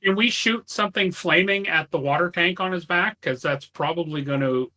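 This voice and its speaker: An eager man at a tabletop game asks questions about his character's actions. His voice sits a little high and sounds bright. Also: moderate pace, rough recording. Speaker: player.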